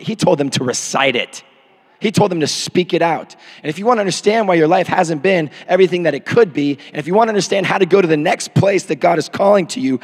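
A man in his thirties preaching a sermon into a microphone, swinging from hushed asides to shouted peaks. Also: a little high. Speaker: pastor. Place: church hall. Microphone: handheld or podium microphone. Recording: long hall reverb.

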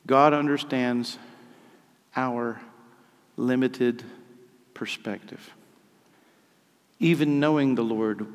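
A man preaching a sermon, reading scripture dramatically and then explaining it. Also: medium pitch. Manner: dramatic reading, rising to loud cries on key lines. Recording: long hall reverb.

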